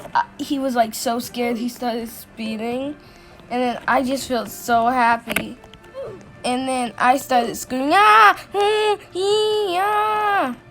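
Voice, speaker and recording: Woman storyteller, fairly high voice, very slow, hesitant, lots of restarts, casual storytime. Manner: halting, full of restarts and fillers.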